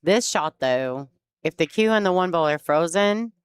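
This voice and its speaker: A woman's voice: lowish voice, lively intonation, normal speed, clean tone. A woman commentating a pool match in a chatty way, laughing easily and explaining the play. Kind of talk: sports commentary.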